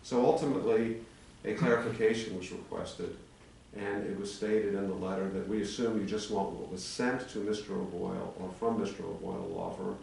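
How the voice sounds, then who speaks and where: Man, 60s, attorney at a town meeting, argumentative, lowish voice, distant mic in an echoey room with faint hum. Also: expressive, fairly quick, creaky, hardly any pauses, darkish tone. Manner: argumentative, building a legal case. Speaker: attorney addressing town commission. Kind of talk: formal presentation at a public meeting. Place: town commission meeting chamber.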